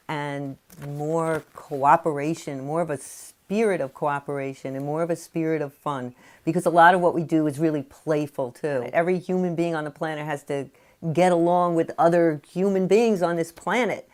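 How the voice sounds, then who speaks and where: A woman's voice: deep voice, darkish tone. A woman who writes about parenting, explaining her ideas in a conversational way with many "you know" fillers. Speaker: parenting author. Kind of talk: explanatory talk to camera.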